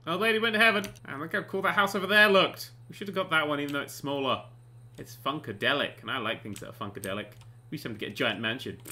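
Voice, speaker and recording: A man giving sarcastic, excitable commentary while playing a life simulation game, often swearing and bursting into panicked shouts. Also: fairly high pitch. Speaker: gaming channel host. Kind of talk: comedic let's play commentary.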